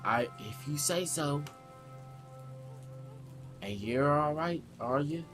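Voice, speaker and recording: A man voicing a chatty older female flower seller in a put-on country accent, drawn out and higher than his own voice. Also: lively intonation, slow, a bit bright. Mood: fussing. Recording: background music.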